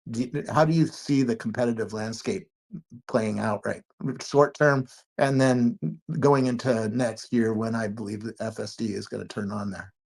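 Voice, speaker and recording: A man hosting a casual podcast interview, asking his questions haltingly with restarts. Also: on the low side, steady tone, creaky, darkish tone. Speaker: podcast host.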